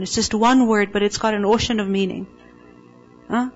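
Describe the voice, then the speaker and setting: A woman's voice: mid-range voice, fairly even intonation, moderate pace, long pauses, highs cut off, faint music behind. A woman teaching the meaning of a Quranic word to a class, speaking emphatically and checking in with rhetorical questions.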